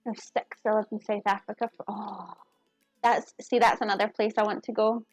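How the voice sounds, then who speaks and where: Her medium-pitched voice is flat in delivery and normal in speed as this cooking streamer talks with viewers during a live cooking session at home. The recording is dry, with soft background music.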